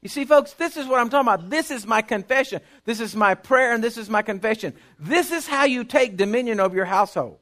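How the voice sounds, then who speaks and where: A middle-aged man, preaching a sermon with emphatic repetition that climbs into shouting. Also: very high voice, expressive, fast talker, hardly any pauses.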